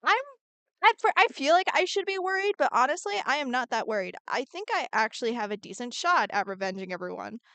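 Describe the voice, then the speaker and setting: A woman's voice: fairly high pitch, fairly bright tone, no echo. A woman streaming as she draws, chatting in a bubbly way, answering her chat and muttering to herself as she works. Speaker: art streamer. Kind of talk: casual live-stream chat while drawing.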